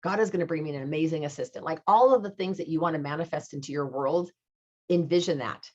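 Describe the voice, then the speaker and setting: A woman's voice: low voice, fast, darkish tone. A middle-aged woman leading her sales team with a motivational talk, upbeat and coaching, and she repeats key phrases for emphasis. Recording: dull lo-fi recording.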